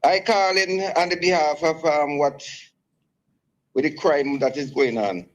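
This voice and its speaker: A man's voice: on the high side, muffled recording. Rambling man calling in. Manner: rambling, halting, many restarts. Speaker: caller. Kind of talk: call-in radio talk.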